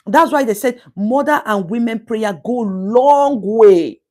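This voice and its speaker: A woman's voice: on the high side, slow pace, mellow. A woman with a Nigerian English accent hosting a live stream and reading viewer comments. She talks in an emphatic, preachy way and repeats words for stress. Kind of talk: casual live-stream talk.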